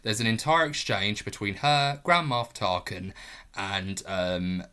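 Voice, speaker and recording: A man's voice: fairly low pitch, slow, pushed and bright, clean tone. A man giving a casual, enthusiastic film review, rambling with lots of fillers.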